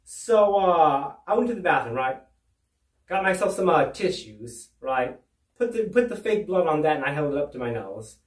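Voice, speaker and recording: A man's voice: on the high side, sing-song, normal speed, distant mic. A man doing stand-up storytelling from home, rambling with restarts and "right?" asides. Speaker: stand-up comedian. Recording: roomy, away from the mic.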